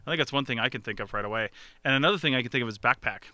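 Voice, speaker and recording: Bright crisp-voiced man hosting a podcast. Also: mid-range voice, very fast, no room sound. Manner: rambling, many ums and restarts. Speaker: podcast host. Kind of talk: casual podcast chat.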